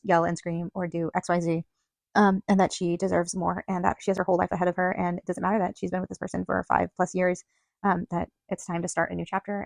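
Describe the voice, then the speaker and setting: A podcast host with a lowish, gravelly voice and no audible room sound shares a personal story in a casual monologue. Her chatty delivery is packed with "like" and quoted dialogue.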